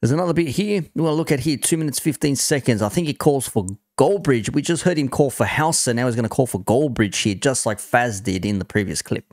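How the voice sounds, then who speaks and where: A man's voice: mid-range voice, lively intonation, a little mellow, no room sound. Casual man reacting to football clips. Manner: conversational, amused, quick asides. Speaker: reaction channel host.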